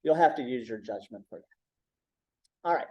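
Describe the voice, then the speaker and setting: A man's voice: medium pitch, animated, normal speed, darkish tone, rough recording. A man giving a conversational training talk, checking in with the audience with frequent "right?". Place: symposium room.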